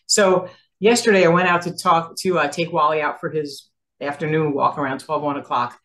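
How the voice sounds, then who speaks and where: A woman's voice: sits low, moderate pace. A woman in her sixties from New Jersey, telling a story as a guest in a casual interview and acting out the dialogue, laughing often. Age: 60s. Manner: animated, acts out quoted dialogue, laughs often.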